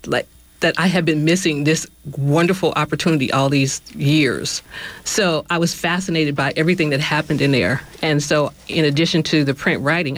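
Woman, radio co-host, reflective storyteller who rephrases herself as she talks. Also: low-pitched. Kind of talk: casual radio chat. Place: radio studio.

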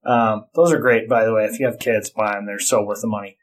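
A man's voice: on the low side, steady tone, fast. A middle-aged man in casual chat, telling blunt, profane stories about parenting.

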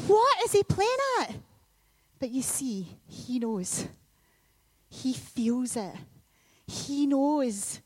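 Woman preacher in church, high voice, dry close sound, big loud bursts when she tells the story. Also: no room sound. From Scotland. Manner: animated storytelling with sudden loud peaks. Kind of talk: sermon.

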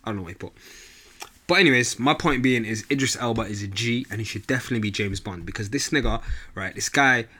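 A man's voice: fairly low pitch, quick pace, sharp tone. A young man, talking casually to camera in a slangy, rambling opinion rant. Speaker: vlogger.

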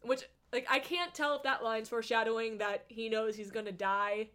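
A young woman co-hosting a casual chat, excitable and gushing, often acting out lines. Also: on the high side, moderate pace, smooth.

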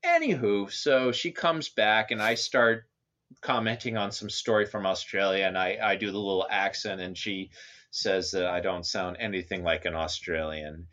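A man co-hosting a casual podcast, recapping and joking in an animated way. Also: lowish voice, normal speed. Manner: animated storytelling, jokey. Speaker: podcast co-host.

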